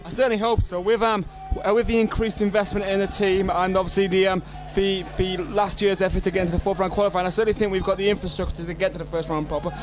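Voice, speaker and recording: Male co-commentator, high and quick, hesitant, opinionated. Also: flat delivery, music in the background. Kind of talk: match analysis on club radio. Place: outdoor football stadium.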